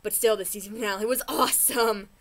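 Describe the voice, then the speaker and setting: A woman vlogger giving a casual, animated recap rant, chatty and often restarting her sentences. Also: mid-range voice, brisk.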